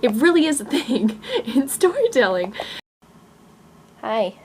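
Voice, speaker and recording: A woman's voice: a little high, sing-song, slow pace, a little hiss or hum. A woman in her twenties, a novelist, ranting casually to camera at home in a sarcastic, rambling way with frequent chuckles. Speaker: novelist and vlogger. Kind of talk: casual rant vlog. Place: room at home, growing dark. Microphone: camera mic.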